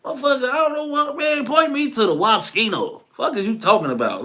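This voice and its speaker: A young man giving a crude, animated solo commentary rant, laughing as he goes. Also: very high voice, moderate pace, faint music behind. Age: young adult.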